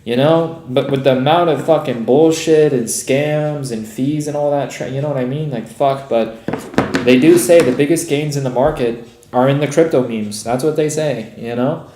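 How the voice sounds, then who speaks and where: A man's voice: mid-range voice, normal speed, warm tone, a little hiss or hum. Swearing, frustrated man in an echoey room. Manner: frustrated, heavy swearing, says bro and dude a lot. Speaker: trading stream host. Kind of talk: casual live-stream rant.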